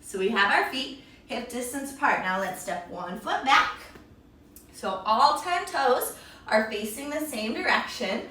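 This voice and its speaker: A woman leads a children's yoga class in a playful, sing-song voice that is high and bright. She sounds full of encouragement. She is heard from some way off in a very echoey room. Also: animated, measured pace, far from the mic. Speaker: kids yoga teacher.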